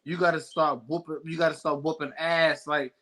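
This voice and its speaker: A man co-hosting a casual wrestling podcast, excitable and emphatic, repeating himself and laughing as he talks. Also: a little high, moderate pace. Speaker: podcast co-host. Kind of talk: casual wrestling recap chat.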